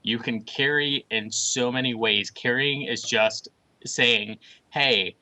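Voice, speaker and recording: A man co-hosting a gaming podcast, blunt and animated in casual chat. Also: mid-range voice, takes it slowly, poor audio. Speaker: podcast co-host.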